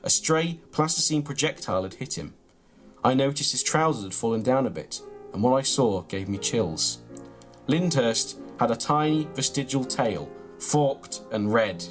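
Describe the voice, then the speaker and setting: A man, reading his own absurd comic story in a deadpan, mock-grand way, then bantering. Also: mid-range voice, normal speed, soft background music. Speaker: comedian reading his own tall tale.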